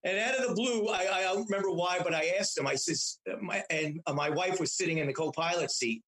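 High-voiced rambling man telling stories. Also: a little fast, fairly bright tone, rough recording. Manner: rambling, many restarts and repeated words. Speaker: guest. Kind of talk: casual storytelling.

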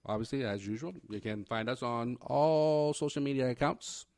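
A man's voice: mid-range voice, normal speed, a little mellow. A man co-hosting a sports podcast in casual chat, laid back and running the sign-off. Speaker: podcast co-host.

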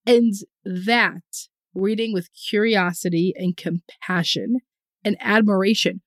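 A woman's voice: mid-range voice, fairly even intonation, slow, dry recording. Woman, candid podcast co-host, blunt, swears, dry recording. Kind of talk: casual chat.

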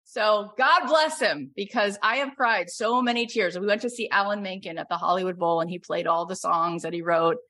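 A middle-aged woman coach hosting a call and pitching her program, effusive and growing loud and emphatic. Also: moderate pace, hardly any pauses.

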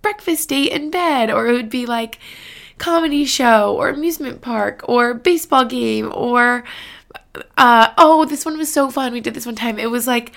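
A woman's voice: a little high, normal speed, vocal fry, a bit bright. A young woman vlogging about her relationship in a personal, emotional way, close to tears, full of "like" fillers. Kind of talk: personal vlog talk.

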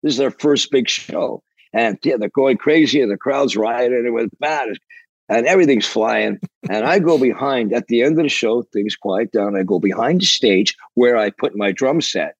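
Older man, from Canada, husky, animated, rambling, profane, dry close recording. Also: medium pitch, moderate pace, dry recording, muffled recording. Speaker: guest, rock drummer. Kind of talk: storytelling interview.

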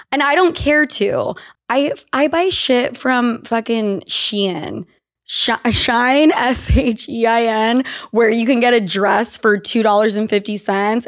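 A young woman hosting a podcast, chatting casually and telling stories, swearing freely and laughing as she goes. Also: mid-range voice. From Utah. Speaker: podcast host. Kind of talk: casual chat.

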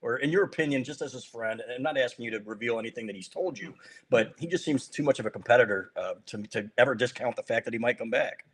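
A man talking quickly as co-host of a casual sports show. He strings long, rambling questions together and barely pauses between them. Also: mid-range voice, slightly rough. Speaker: co-host, former football lineman.

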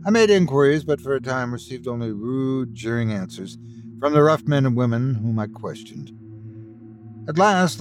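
A man hosting and narrating a classic ghost story in a dramatic, expressive reading. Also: mid-range voice. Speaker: host and storyteller.

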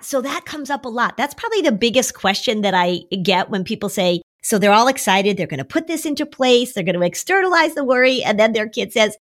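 Woman therapist coaching parents, animated. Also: a little fast, few pauses. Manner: warm, coaching, acts out kids' voices in a high whine. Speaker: therapist and podcast co-host. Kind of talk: conversational advice podcast.

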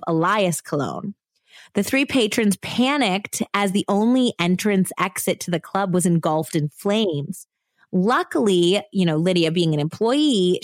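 A woman's voice: mid-range voice, no echo, studio quality. A woman hosting a podcast, recounting a true crime story in a casual, chatty way full of "like" and "you know". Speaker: podcast host.

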